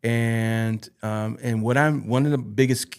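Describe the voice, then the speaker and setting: A man's voice: mid-range voice, fairly even intonation, measured pace, creaky, clean tone. A man speaking as a podcast guest and youth football coach. He tells personal stories earnestly and emotionally, often stopping to repeat and restart his phrases.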